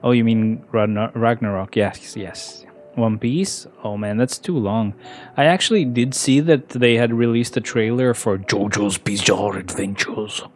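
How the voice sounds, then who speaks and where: A man's voice: lowish voice, unhurried, soft background music. A young man from Albania, chatting casually and profanely with viewers while he plays. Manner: rambling, profane, answers chat between moves. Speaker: streamer. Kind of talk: casual gameplay chat with viewers.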